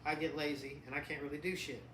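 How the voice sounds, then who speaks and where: A man's voice: on the high side, flat delivery, fast, fairly bright tone. A middle-aged father co-hosting a podcast in casual chat, joking, laughing often and swearing freely. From New York. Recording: echoey room, faint noise.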